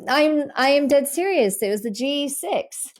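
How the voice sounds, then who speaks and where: High, lively woman hosting a podcast. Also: unhurried. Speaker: podcast host. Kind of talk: podcast interview.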